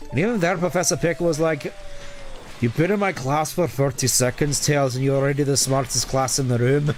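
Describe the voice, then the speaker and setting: Guy doing tails w a scottish accent, know-it-all young fox, kinda high voice. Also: lightly acted. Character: clever young male fox sidekick.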